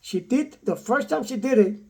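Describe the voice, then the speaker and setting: An older man casually telling a personal story in a repetitive, animated way, quoting the people in it. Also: extremely high pitch, normal speed, gravelly, husky. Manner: repetitive, animated retelling with acted quotes. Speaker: vlogger telling his own story.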